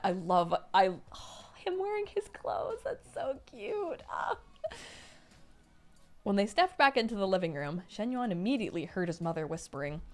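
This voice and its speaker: A young woman streaming as she reads a novel aloud, gushing and squealing with excitement at the cute parts. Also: medium pitch. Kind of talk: live-stream read-along with reactions.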